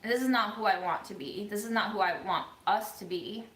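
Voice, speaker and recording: A woman vlogger giving an earnest, thoughtful monologue, speaking slowly with frequent pauses and ums. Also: mid-range voice, fairly bright tone, reverberant, poor audio. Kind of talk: reflective monologue.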